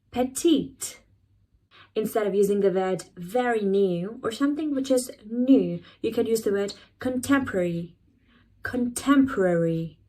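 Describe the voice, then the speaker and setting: A woman hosting an English vocabulary lesson, saying each new word slowly and repeating it so learners can copy it. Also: medium pitch, warm tone, low-quality recording. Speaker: English teacher, channel host.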